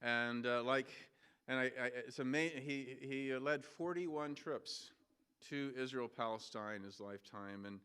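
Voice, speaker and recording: A man in his sixties giving a public talk as guest speaker in a lecture hall, pausing often with "uh". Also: mid-range voice, bright, forceful tone, clear, resonant tone. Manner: many "uh" fillers, halting.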